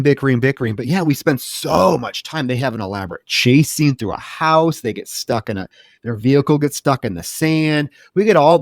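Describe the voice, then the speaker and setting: A man's voice: medium pitch, no echo, clean studio sound. A man co-hosting a movie podcast, wryly recapping the plot in casual chat. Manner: wry, recapping plot at length. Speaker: podcast co-host.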